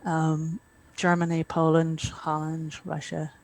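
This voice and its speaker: A woman's voice: low voice, monotone, takes it slowly, poor audio. Irish woman telling stories. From Ireland. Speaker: author guest. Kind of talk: casual interview chat.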